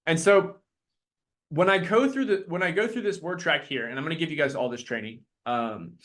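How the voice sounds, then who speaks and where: A man leading a live sales training talk, energetic and quick to act out his clients in put-on voices. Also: a little high.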